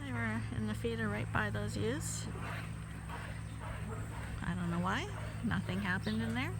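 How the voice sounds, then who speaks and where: A woman's voice: medium pitch, measured pace, heavy background noise. A woman sheep farmer narrating a farm vlog in her barn, cooing to her animals in baby talk.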